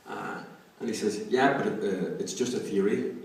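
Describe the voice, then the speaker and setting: A young Irish man with a Donegal accent performs stand-up comedy, talking in a halting way full of fillers. His voice sits a little low. It is recorded from a distance in a very echoey room with clear background noise. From Ireland. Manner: halting delivery with many fillers, shouting acted quotes. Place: comedy club stage. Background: audience laughter.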